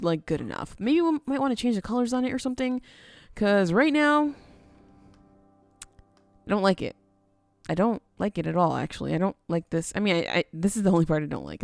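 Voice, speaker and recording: A woman's voice: mid-range voice, vocal fry. A woman casually narrating her building game, chatty and playful, talking to herself as she works. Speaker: gaming video host.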